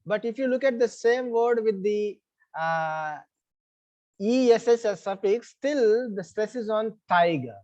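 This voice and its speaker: A male teacher, giving an online class over a video call, explaining slowly and calling on students. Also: sits high, warm tone. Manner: explains slowly, repeats questions, calls on students. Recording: slightly muffled online class audio.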